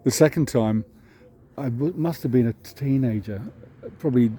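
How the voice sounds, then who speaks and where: A man's voice: mid-range voice, moderate pace, dark tone, a little hiss or hum. An Englishman telling a rambling, self-deprecating story from his childhood, chuckling at himself as he goes. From England. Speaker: vlog host. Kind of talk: casual storytelling. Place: outdoors, walking a dog.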